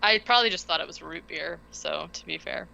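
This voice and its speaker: A woman's voice: low voice, fairly quick, creaky, sharp tone. A woman from West Virginia co-hosting a podcast, recapping a film in a rambling, casual way full of fillers. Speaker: podcast co-host. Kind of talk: casual movie recap chat. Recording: dull lo-fi podcast audio.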